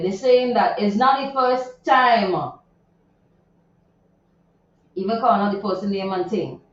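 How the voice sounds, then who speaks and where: A woman radio host, chatting about a viral news story in a chatty, indignant way, with many asides. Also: fairly high pitch. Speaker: radio morning show host. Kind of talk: casual chat reading social media news. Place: radio studio. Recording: very echoey, distant, dull sound.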